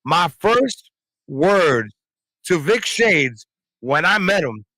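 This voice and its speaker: A man co-hosting a podcast, telling a story in animated, slangy casual chat. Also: a little high, very slow, no echo. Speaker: podcast co-host.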